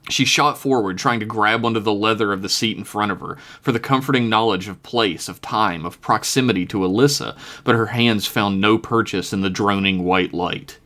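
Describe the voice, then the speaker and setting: A man's voice: lowish voice, normal speed, few pauses, pushed and bright. A man reading his own story aloud on a podcast, chuckling now and then at his own jokes.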